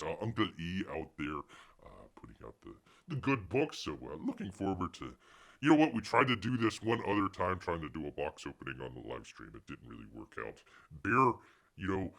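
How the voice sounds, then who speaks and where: Man, stream host, gravelly low voice, rambling jokey patter. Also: fairly bright tone. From Florida, USA. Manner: rambling, jokey, refers to himself in third person. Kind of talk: casual live stream chat.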